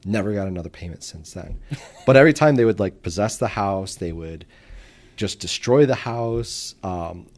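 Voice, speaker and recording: A man from the Detroit suburbs talks in a low voice as a guest on a casual interview show. He tells his stories with energy, and he briefly acts out the voices of the people he describes. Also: normal speed. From Detroit suburbs, Michigan. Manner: animated storyteller who acts out quoted voices. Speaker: guest entrepreneur.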